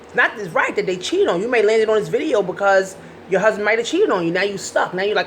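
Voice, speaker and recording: A woman's voice: medium pitch, animated, fast talker, a little hiss or hum. Blunt, profane woman vlogging advice. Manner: blunt and profane, talks straight to viewers. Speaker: life coach. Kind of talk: casual advice vlog.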